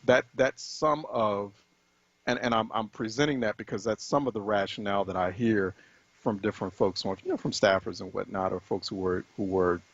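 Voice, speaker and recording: Husky low-voiced male radio host. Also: no echo, muffled recording. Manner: measured, hedging questions with restarts. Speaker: radio talk show host. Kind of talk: radio interview.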